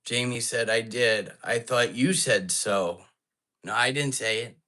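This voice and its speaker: A man hosts a casual livestream from an apartment at night. His voice sits at an ordinary middle pitch, and he talks in a chatty, jumpy way straight to his viewers. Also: a little slow, sharp tone. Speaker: live-stream ghost hunter host. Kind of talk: casual live-stream chat.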